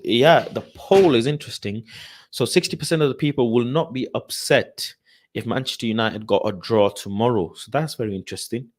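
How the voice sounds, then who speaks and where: A man hosting a casual football live stream in a fairly low voice. He talks loosely with slang, fillers and lots of repeated phrases. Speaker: football channel host.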